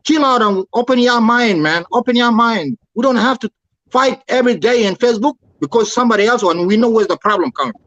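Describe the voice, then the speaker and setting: Man, high voice, heated and preachy, repeats himself, dry dull lo-fi sound. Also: lively intonation, fairly quick, a bit bright, no echo. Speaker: caller. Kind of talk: impassioned call-in rant.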